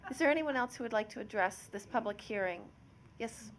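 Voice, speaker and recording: A woman chairing a public hearing, polite and brisk as she calls speakers. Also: fairly high pitch, lively intonation, slight background noise.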